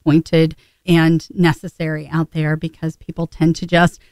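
A woman's voice: sits low, monotone, a little mellow, no echo. A woman hosting a radio talk show, chatting casually and emphatically with a guest. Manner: chatty, emphatic, quick asides. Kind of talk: casual interview chat.

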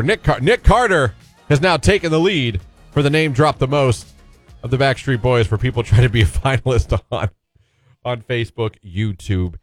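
A man hosting a casual radio talk show, telling a self-deprecating story and inviting listeners to call in. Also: mid-range voice.

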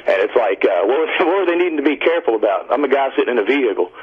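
A man from Indiana calling in to a radio talk show, telling a long story in a rambling, excited way. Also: mid-range voice, very fast, breathy edge. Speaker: caller. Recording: dull radio line.

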